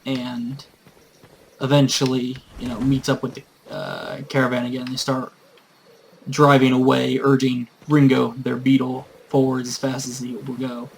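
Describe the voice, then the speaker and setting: A man's voice: medium pitch, a little slow, creaky, slight background noise, low-quality recording. Rambling man telling a gaming story. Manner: rambling, many fillers, casual swearing. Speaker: gamer and tabletop game master. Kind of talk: casual storytelling while playing a game.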